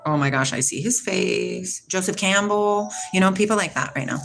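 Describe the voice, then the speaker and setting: A woman's voice: on the low side, moderate pace, gravelly, a bit bright, slight background noise, poor audio. Chatty woman livestreaming to viewers. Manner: chatty, laughs often, greets viewers by name. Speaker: livestream host. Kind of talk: casual livestream chat reading viewer comments.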